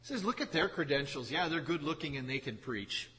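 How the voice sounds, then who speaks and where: A man's voice: on the high side, lively intonation, fairly quick, sharp tone, slight background noise. A man preaching a sermon, teaching from scripture with emphatic repetition and wry asides. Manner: emphatic, repeats phrases, wry sarcastic asides. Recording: hall reverb.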